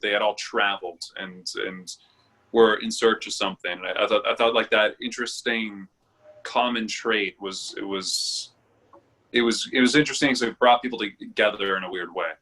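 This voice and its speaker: Chill dude cohost rambling on a podcast, lowish bright voice. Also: male voice, steady tone, moderate pace. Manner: rambling, laid-back, says dude. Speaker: podcast co-host. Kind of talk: casual podcast chat.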